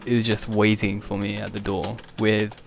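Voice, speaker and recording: A young man hosting a podcast, rambling through an improvised absurd comedy story, often laughing at his own jokes and leaping up in pitch when he quotes people. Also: little pitch movement, measured pace, creaky, slight background noise. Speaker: podcast host.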